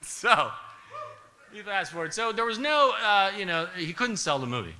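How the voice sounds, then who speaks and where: Man, live comic storytelling, wry and animated, rather high voice, very bright sharp tone. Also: normal speed, slight background noise. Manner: animated, wry, chuckles through his punchlines.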